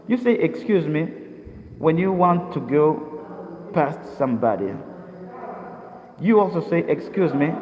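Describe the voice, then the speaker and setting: A young man from Mozambique reading dictionary entries aloud as an English lesson, slowly and carefully, restarting words now and then. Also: fairly high pitch, darkish tone. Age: young adult. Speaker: English teacher. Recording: echoey room with long reverb.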